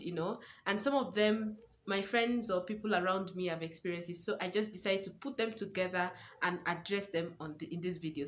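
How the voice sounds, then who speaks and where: A young woman, a new mother and parenting coach, giving earnest advice to camera and repeating words for stress. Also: mid-range voice. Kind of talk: casual advice talk to camera.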